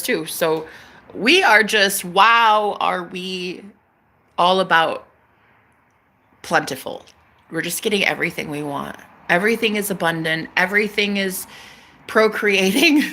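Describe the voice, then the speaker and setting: A woman chatting on a casual livestream as a psychic reader, animated, swearing freely and laughing often. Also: mid-range voice.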